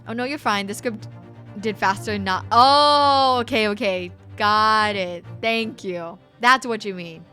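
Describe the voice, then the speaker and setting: A woman's voice: mid-range voice, a little slow, bright, forceful tone, faint music behind. A woman streamer chatting casually while reading a game, reacting aloud as she goes.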